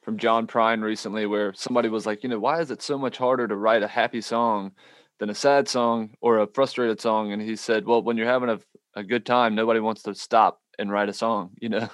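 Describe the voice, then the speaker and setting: Relaxed male host, lowish voice, loose conversational questions. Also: brisk, no echo. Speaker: podcast host. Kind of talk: casual interview.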